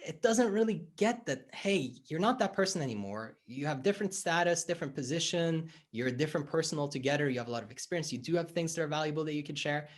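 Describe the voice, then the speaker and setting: A man's voice: a little high, quick pace, hardly any pauses. A man who is a life coach, explaining his ideas in conversation as an interview guest and acting out little dialogues as he tells stories. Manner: animated, acts out dialogue in stories.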